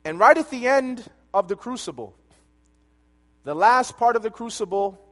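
A man preaching a sermon, telling a personal story and swinging between loud and hushed delivery. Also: very high-pitched, expressive, normal speed. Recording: long hall reverb.

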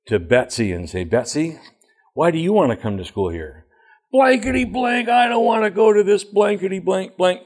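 A middle-aged man, a former school principal, giving a plain-spoken presentation full of emphatic anecdotes. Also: on the low side.

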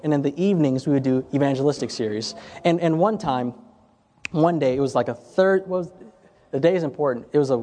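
A man with a higher-pitched, mellow voice gives an informal health ministry talk to a group seated in a room with chairs. He tells stories conversationally, often repeating and restarting phrases, and the recording carries a long hall reverb.

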